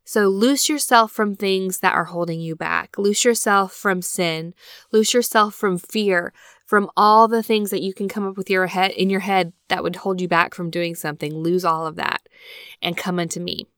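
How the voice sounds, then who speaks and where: A woman hosting a devotional scripture-study podcast from a small closet on a laptop microphone, reading verses slowly and then reflecting earnestly. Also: mid-range voice, fairly even intonation, fairly bright tone, clean tone, no echo, clean studio sound. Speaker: podcast host. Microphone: built-in laptop microphone.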